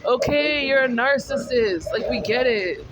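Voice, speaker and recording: Woman vlogger, exasperated venting rant, high pitch, casual. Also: expressive, a little slow, noisy background. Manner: ranting, repetitive, exasperated.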